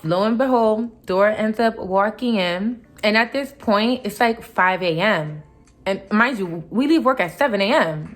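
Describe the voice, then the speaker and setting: A woman's voice: mid-range voice, a bit bright. A young woman vlogger retelling a workplace clash in a heated, casual storytime, full of asides and mock quotes.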